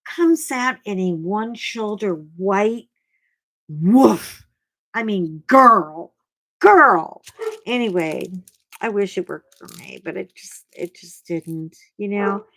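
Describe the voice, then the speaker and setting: A middle-aged woman hosting a casual livestream chat, telling stories in an animated way and greeting viewers by name. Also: medium pitch, a little slow. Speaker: livestream host.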